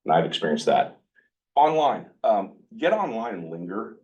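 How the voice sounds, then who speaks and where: Man, lowish voice, blunt animated group speaker, picked up from a distance off the mic. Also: moderate pace, dull audio. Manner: blunt, animated, acts out his own quoted dialogue. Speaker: workshop speaker sharing recovery experience. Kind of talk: casual talk to a group. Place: meeting room with a live group.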